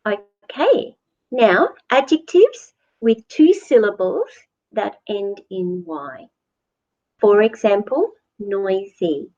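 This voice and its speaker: Very slow-speaking woman teaching grammar. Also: medium pitch, lively intonation, darkish tone. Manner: slow, deliberate, repeats words for learners. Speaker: English teacher. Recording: dull lo-fi recording.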